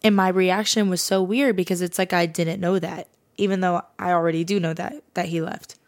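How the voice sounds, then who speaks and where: A woman who hosts a podcast shares her personal faith testimony in a casual, earnest manner, saying "like" a lot. Her voice is on the low side with fairly even intonation, and she speaks briskly.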